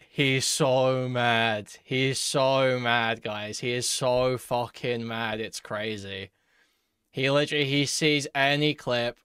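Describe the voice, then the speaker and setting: A man's voice: medium pitch, fairly bright tone, clean tone, dry recording, clean studio sound. A man hosting casual reaction commentary, mocking and incredulous with heavy swearing. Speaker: commentary host.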